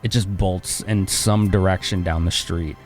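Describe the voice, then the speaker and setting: A man's voice: low-pitched, steady tone, unhurried, soft background music. A man narrating as game master in a tabletop game, talking loosely and chattily.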